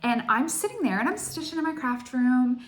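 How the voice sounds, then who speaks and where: An excitable woman in her forties, chatting to her viewers in a casual craft vlog. She gushes and rambles, stacking "like" into every sentence as she tells her story. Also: high-pitched, a little fast, slight background noise. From Canada. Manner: excitable, gushing, heavy use of "like". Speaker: cross stitch vlogger.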